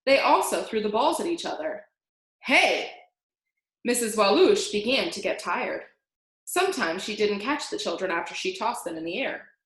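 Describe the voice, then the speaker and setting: A woman reading a children's book aloud, animated and singing out the sound effects. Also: medium pitch, moderate pace. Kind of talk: read-aloud storytelling. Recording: roomy echo.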